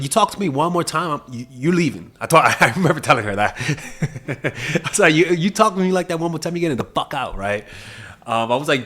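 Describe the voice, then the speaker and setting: Young male dating coach, casual and profane, very expressive pitch, mid-range voice. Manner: animated, profane, laughs at his own stories. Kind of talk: casual monologue.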